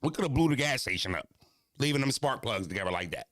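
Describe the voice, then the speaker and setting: A man hosting a live stream, telling a story casually to his chat in an animated, profane way that swings between high excited and low mocking tones. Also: fast, no echo, clean studio sound.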